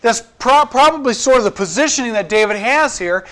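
A man with a notably high voice delivers a sermon. He talks earnestly and conversationally, breaking off to restart thoughts and put questions to his listeners. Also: lively intonation, brisk, fairly bright tone. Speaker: pastor.

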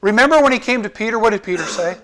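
High-voiced man preaching earnestly. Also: lively intonation, rapid-fire, bright, forceful tone. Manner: earnest, conversational preaching with restarts and audience questions. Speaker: pastor. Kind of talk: sermon.

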